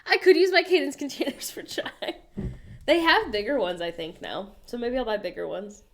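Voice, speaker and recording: An American woman hosting a casual livestream, chatting playfully and reading viewers' messages aloud with animated, self-mocking humor. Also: fairly high pitch, moderate pace, slight background noise. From United States. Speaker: livestream host reading chat. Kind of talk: casual chat.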